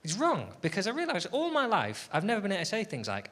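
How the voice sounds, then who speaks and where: Grumbling stand-up comedian. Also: male voice, high-pitched, huge pitch swings, quick pace, hardly any pauses. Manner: self-deprecating, grumbling, swings from mutters to loud rants. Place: comedy club stage with audience. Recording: live stage recording with audible background noise.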